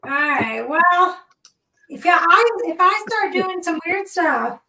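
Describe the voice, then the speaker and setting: A woman's voice: extremely high pitch, lively intonation, slow, a crowd in the background, rough recording. A woman hosting a live stream, reading viewer questions in a bubbly, teasing way. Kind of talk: casual live-stream chat.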